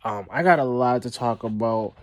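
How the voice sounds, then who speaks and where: This man, medium in pitch and moderate in pace, hosts a solo wrestling review show. His talk is casual and meandering, full of fillers, repetition, and sentences he starts over.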